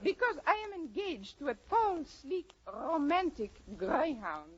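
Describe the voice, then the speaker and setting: An actress playing a flirtatious French poodle with a coquettish, sing-song French accent in 1940s radio comedy. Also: female voice, sits high, very animated, a little slow, dull audio. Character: flirtatious French poodle, pin-up glamour dog.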